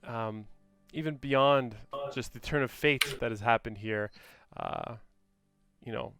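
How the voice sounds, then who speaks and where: A man playing his character in a tabletop game. His voice is smooth and resonant, and the recording is dry. He hesitates often, stopping to search for words. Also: medium pitch, takes it slowly, fairly bright tone, no room sound, soft background music. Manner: hesitant, filler-heavy. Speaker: player. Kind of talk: in-character role-play.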